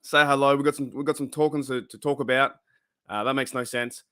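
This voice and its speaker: A man's voice: medium pitch, steady tone, fairly quick, bright, forceful tone, clean tone, no echo, studio quality. A man with an Australian accent hosting a casual live stream, rambling with lots of fillers as he greets viewers in the chat. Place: his room at home.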